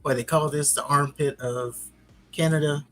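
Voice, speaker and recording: A man's voice: on the high side, fairly even intonation, moderate pace, fairly bright tone, natural voice. Haughty, stern wrestling champion with a raised, clipped delivery, as a man puts him on in a podcast recap. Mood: boastful. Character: arrogant, stern male European wrestling champion.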